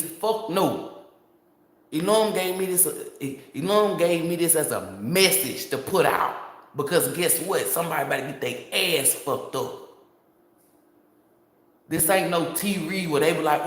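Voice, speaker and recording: A man who reads tarot, telling a story to his viewers in a casual, excitable and profane way, full of restarts. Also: fairly high pitch, reverberant. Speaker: tarot reader.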